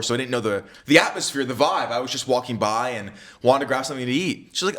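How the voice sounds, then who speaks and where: Young man, dating coach, casual storytelling, very animated pitch, bright voice. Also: fast, hardly any pauses. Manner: animated, acts out both sides of dialogue.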